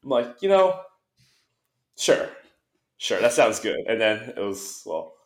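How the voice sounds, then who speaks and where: Young man, casual podcast guest, lively storyteller, echoey room. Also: fairly low pitch, unhurried. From United States. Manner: animated storyteller, acts out quoted exchanges. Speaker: guest, esports caster.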